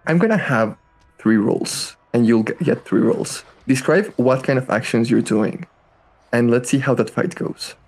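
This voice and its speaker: A man's voice: mid-range voice, measured pace, darkish tone. A man running a tabletop game as game master, narrating casually and animatedly with laughs.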